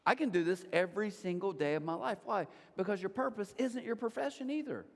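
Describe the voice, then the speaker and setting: High voiced guy preaching in a big church, echoey, lively asides. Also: fairly quick. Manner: animated preaching with asides to the crowd; mimics others in a high voice. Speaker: pastor. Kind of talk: sermon. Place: church auditorium.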